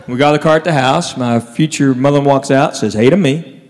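A stand-up comedian on a comedy club stage tells stories built around punchlines, doing voices for his relatives. His voice is mid-range and his pace moderate. It's a live recording in a reverberant room with an audience.

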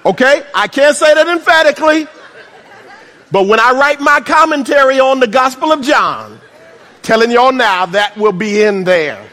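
A man preaching a sermon, swinging between shouts and hushed asides and adding humorous remarks. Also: extremely high pitch, expressive, normal speed, some chatter behind. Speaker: pastor. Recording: reverberant hall.

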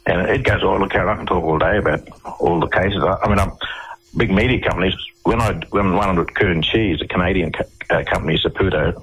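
A man's voice: sits low, brisk, fairly bright tone, a little hiss or hum, rough recording. A middle-aged Australian man telling stories as a radio interview guest, rambling and often restarting his phrases. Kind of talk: casual storytelling on a radio interview.

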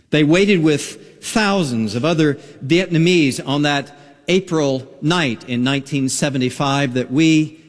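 A male pastor delivers a sermon at an unhurried pace, his pitch rising and falling widely as he tells a story with dramatic pauses. His voice sits a little high and carries a long reverb, like a radio broadcast with faint music underneath. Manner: expressive preaching with dramatic pauses.

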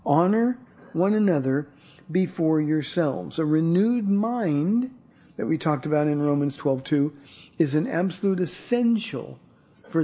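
Warm, husky-voiced pastor preaching. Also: male voice, on the high side. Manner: earnest, repeats words when starting a thought. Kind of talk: sermon. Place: church.

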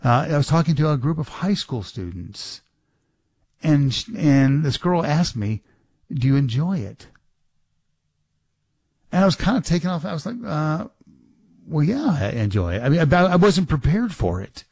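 A man's voice: fairly high pitch, animated, normal speed, pauses often, a little mellow, no room sound. Rambling male radio talk host. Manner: rambling, with many restarts and fillers. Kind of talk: casual talk radio monologue.

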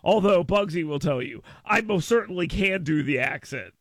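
A male radio host with a fairly high, bright and forceful voice, talking through a casual on-air story. He punches key words with sudden leaps in pitch and volume. The studio sound is close and dry. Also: moderate pace, no echo. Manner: animated storytelling, jumps up in pitch and volume for emphasis. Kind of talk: casual talk radio monologue. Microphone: studio microphone.

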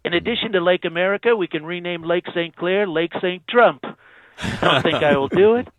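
Calling in by phone, a man with a high-pitched, fairly bright voice impersonates a boastful, brash male president who praises himself, bragging and repeating phrases for emphasis at a moderate pace. The phone line sounds tinny, with no room sound.

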